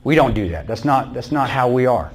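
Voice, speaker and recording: A man's voice: medium pitch, animated, fairly quick. A man giving a blunt, intense personal war story to a church audience. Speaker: guest speaker.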